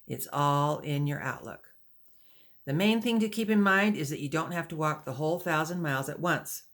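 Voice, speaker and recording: A woman's voice: deep voice, moderate pace, a bit bright. A woman reading the part of a patient male wagon teamster who instructs pioneer women, in an audiobook. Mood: reassuring. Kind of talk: audiobook dialogue.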